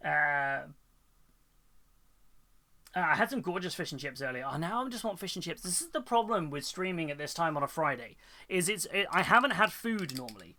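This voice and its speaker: British guy rambling on stream, bright voice, a bit high, laughs a lot. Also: expressive, normal speed. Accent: British English. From United Kingdom. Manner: chatty, rambling, laughs often. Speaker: Twitch streamer painting miniatures. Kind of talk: casual live-stream chat.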